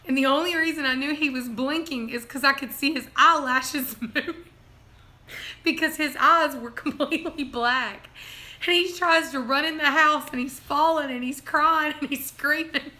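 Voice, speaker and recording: Her voice sits high with a sharp tone as she hosts a casual livestream at normal speed. She shares family stories and giggles frequently, laughing her way through them.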